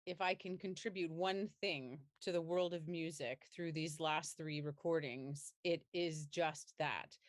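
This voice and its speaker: A woman from the United States, a singer speaking as a guest in an interview, earnest and reflective, pausing to find her words. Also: fairly low pitch, no echo, studio quality. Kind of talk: conversational interview.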